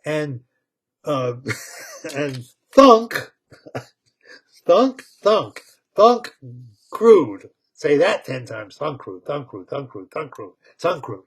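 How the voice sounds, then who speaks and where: A man retelling a story with excitement, repeating words, laughing and tripping over tongue twisters. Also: a little high, very slow, pauses often, husky.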